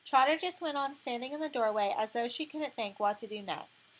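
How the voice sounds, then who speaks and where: Woman narrating a story, slightly high voice. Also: low-quality recording. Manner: measured, expressive storytelling. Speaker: audiobook narrator. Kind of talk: audiobook narration.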